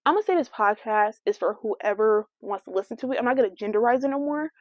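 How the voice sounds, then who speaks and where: A young adult woman hosting a casual solo podcast, talking in a brash, sassy, slangy and animated way. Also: a little high, fast talker, no room sound. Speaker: podcast host. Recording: dry, dull lo-fi sound.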